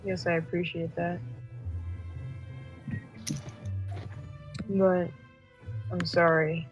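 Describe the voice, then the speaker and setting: A woman's voice: fairly low pitch, flat delivery, a little slow, music in the background, lightly acted, rough recording. A woman playing a stern, resolute rebel fighter in a tabletop game, talking bluntly and matter-of-factly. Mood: grim. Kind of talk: in-character tabletop role-play.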